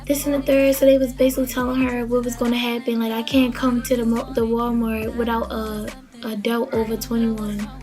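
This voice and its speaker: A woman's voice: on the high side, level tone, a little fast, darkish tone, soft background music. A young woman from the Baltimore area casually telling a story, chatty and rambling with lots of fillers. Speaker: vlogger.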